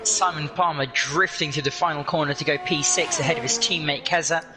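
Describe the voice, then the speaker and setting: A man co-commentating an online racing session in a relaxed, joking way. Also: fairly high pitch, a little fast, over music, low-quality recording.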